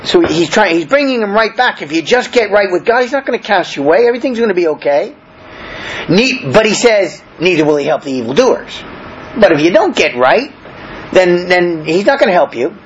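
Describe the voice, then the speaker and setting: Male preacher, high expressive voice, sermon teaching with calls for amens, slightly muffled lo-fi recording with faint ambience. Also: brisk, slight background noise. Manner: animated, calls for amens, many fillers and restarts. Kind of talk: sermon, verse-by-verse Bible teaching.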